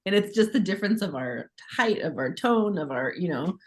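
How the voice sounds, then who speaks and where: Animated woman on a video call. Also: lowish voice, normal speed. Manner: animated and self-deprecating, lots of "like". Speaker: parent in a discussion group. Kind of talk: casual group discussion.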